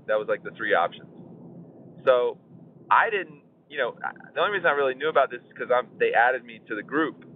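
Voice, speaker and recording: Relaxed male podcast host, forties, rambling and chuckling; tinny phone-line audio. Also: mid-range voice, fairly quick, slight background noise. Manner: laid-back, chuckling, rambling with fillers. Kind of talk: casual podcast chat.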